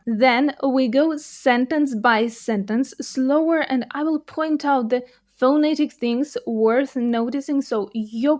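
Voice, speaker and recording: A woman's voice: a little high, darkish tone. Patient woman teaching outdoors on a city walk. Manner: clear, patient explaining, slows right down for Russian model sentences. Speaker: Russian language teacher. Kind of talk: pronunciation lesson with slow model readings.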